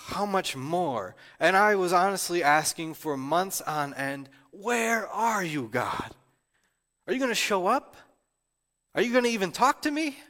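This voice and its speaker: A man's voice: a little high, fairly bright tone, long reverb tail. A male pastor gives an emotional, personal sermon. He is close to tears and often restarts his sentences. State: tearful, near crying.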